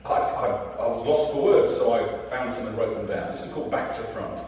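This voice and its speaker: A man's voice: mid-range voice, fairly quick, a little mellow, slight background noise. A middle-aged man from North Essex reading his poems at an open mic, with chatty asides and a rhythmic, punchy recital. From North Essex, England. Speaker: poet. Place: live venue hall. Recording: echoey hall, voice from far off.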